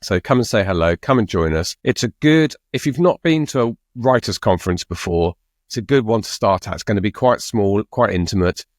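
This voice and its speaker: A man's voice: fairly low pitch, expressive, fairly quick, dry recording, clean studio sound. A man co-hosting a writing podcast in casual chat, jokey and rambling. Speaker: podcast co-host.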